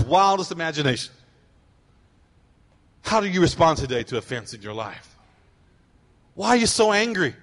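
A man preaching a sermon to a room of people, fervent, repeating his points and rising to shouts. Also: a little high, sing-song, normal speed, pauses often, long reverb tail. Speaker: pastor. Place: large hall with an audience.

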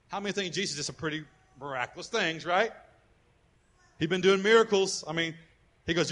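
High, bright-voiced male pastor preaching. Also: a little fast, long pauses. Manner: animated, calls on the congregation to respond, repeats words when building a point. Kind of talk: sermon.

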